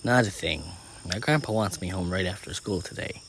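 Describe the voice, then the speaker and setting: A man with a low voice voicing a shy teenage girl heroine who stammers when nervous, in a told story. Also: normal speed, fairly bright tone, a little hiss or hum. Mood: earnest.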